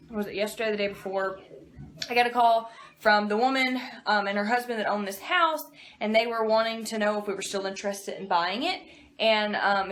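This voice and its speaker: A woman, talking in a casual home vlog, worried and sighing, halting with fillers. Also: mid-range voice, a bit bright. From Mississippi, US. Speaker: family vlogger. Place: home, indoors.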